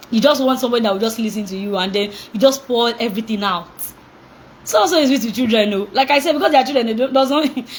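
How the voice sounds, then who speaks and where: A young woman gives a parenting talk in a slightly high voice. She is animated, laughs often and acts out little exchanges with children. A faint hiss of noise sits behind her. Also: low-quality recording. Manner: animated, acts out reactions, laughs often, asks call-and-response questions. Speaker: parenting coach.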